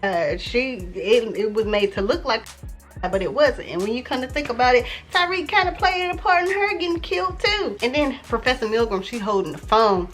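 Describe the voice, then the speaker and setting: A woman recapping a TV episode in a loose, chatty way, with many fillers and excited exclamations. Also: fairly high pitch, normal speed, faint music behind. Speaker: TV recap vlogger.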